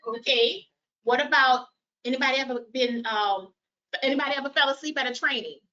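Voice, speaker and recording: A woman's voice: high voice, brisk. A woman presenting a caregiver training workshop, explaining concepts and asking the audience questions. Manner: animated, quizzes audience with show of hands. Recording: dull lo-fi sound.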